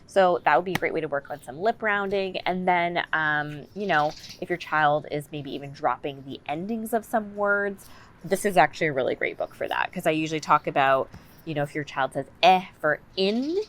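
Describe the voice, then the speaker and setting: Woman, low voice, conversational, explaining speech therapy tips to parents. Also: a little fast, a bit bright, slight background noise. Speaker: communicative disorders assistant.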